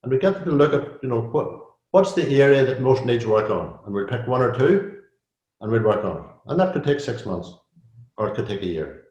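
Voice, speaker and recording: A man's voice: medium pitch, big pitch swings, fairly quick, darkish tone, dull audio. Chatty older man coaching, roomy sound. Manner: chatty, repeats himself, many "you know"s. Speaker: executive coach, guest. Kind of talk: casual interview conversation. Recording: roomy echo.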